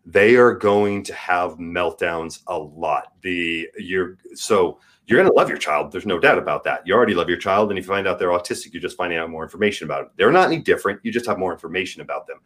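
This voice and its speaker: A man in his forties speaking as a guest, frank and earnest, his delivery swinging between soft and emphatic. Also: low-pitched, fast talker, hardly any pauses. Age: 40s. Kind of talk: candid podcast conversation.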